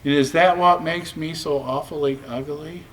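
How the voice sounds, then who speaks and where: A man's voice: fairly high pitch, steady tone, moderate pace, fairly bright tone, far from the mic, a little hiss or hum, lightly acted. A man voicing a sad, self-conscious young female pig in a storybook reading, in a plaintive, polite way.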